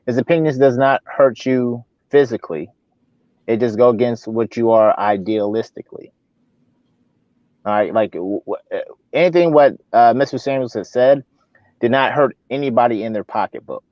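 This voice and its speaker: A man's voice: mid-range voice, moderate pace, no room sound, dull audio. A man co-hosting a live talk show, giving casual opinion commentary in a rambling, ranting way. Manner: rambling, repeats and restarts, animated ranting.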